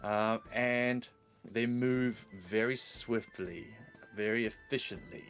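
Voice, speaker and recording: A man's voice: fairly low pitch, takes it slowly, a bit bright, soft background music. A man narrating as game master of a tabletop game, rambling through his descriptions. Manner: rambling, with many fillers and restarts.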